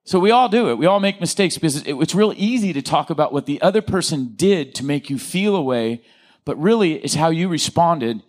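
A middle-aged man leads a relaxed teaching talk in a slightly higher register than most men. He speaks in a loose, conversational way, acts out example phrases and keeps turning to his audience with questions. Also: brisk. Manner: animated, acts out example quotes, checks in with the audience.

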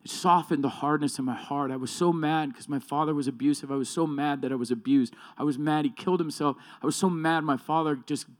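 A man's voice: on the high side, brisk, few pauses. A man preaching a sermon with emphatic delivery, often repeating and correcting himself.

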